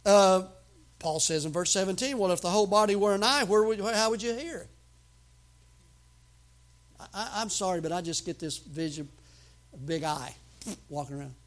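A man preaching a sermon as pastor, emphatic, with sudden loud outbursts and folksy humor. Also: high voice, moderate pace, long pauses.

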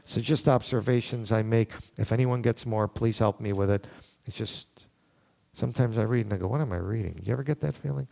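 A man's voice: mid-range voice, fairly even intonation, a little fast, gravelly, warm tone. Male Bible teacher, mid-range voice, casual verse-by-verse teaching in a room. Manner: conversational, thinking aloud, asks the room questions. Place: room with listeners.

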